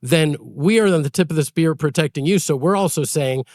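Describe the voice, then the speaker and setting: A man co-hosting a podcast, an earnest and animated storyteller in casual chat. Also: on the high side, fairly quick, dry recording, clean studio sound. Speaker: podcast co-host.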